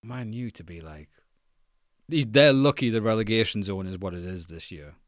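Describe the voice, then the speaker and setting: A man's voice: lowish voice, moderate pace, no echo, studio quality. A man co-hosting a football podcast, jokey and rambling, often laughing mid-sentence. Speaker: podcast co-host. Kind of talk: casual football chat.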